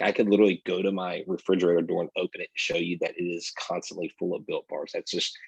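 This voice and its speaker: A man's voice: low-pitched, vocal fry, slightly rough, no room sound, dull audio. A man co-hosting a casual sports podcast, talking energetically and straight to his listeners. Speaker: podcast co-host.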